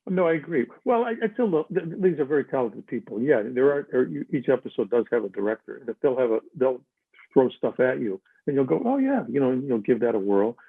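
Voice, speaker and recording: Older guy telling stories on a call, husky, sounds like a phone line, dead dry. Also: mid-range voice, fast, no room sound. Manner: animated, acts out quotes in shifting voices. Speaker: guest. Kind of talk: casual storytelling chat.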